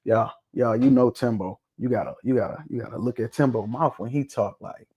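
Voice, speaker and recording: A man's voice: medium pitch, a little fast, warm tone, slightly rough, dull audio. Chill guy hosting a stream, joking around, swearing, laughing a lot, medium voice. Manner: loose, joking, profane, laughs often. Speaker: livestream host. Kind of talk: casual livestream chat.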